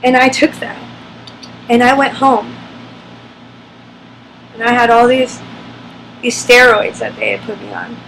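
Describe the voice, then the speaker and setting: A woman's voice: a little high, fairly even intonation, measured pace, vocal fry, long pauses, fairly bright tone, a little hiss or hum, rough recording. A woman vlogger telling a personal story to the camera, candid and emotional, with many fillers.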